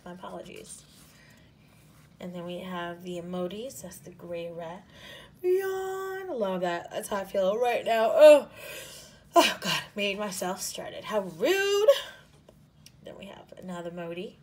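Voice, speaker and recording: A woman showing planner stickers in a casual haul, gushing and often dropping into soft half-whispers. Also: lowish voice, moderate pace. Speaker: planner sticker shop owner and vlogger. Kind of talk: casual haul show-and-tell.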